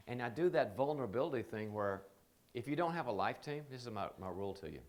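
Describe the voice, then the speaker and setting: A man leading a leadership training seminar, telling animated stories and acting out the people he quotes. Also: medium pitch, fast talker. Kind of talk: seminar talk.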